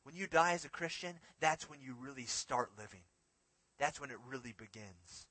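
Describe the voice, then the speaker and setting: A man preaching a sermon in a dramatic way, swinging between emphatic, loud lines and hushed ones. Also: mid-range voice, expressive, normal speed, breathy edge, no echo.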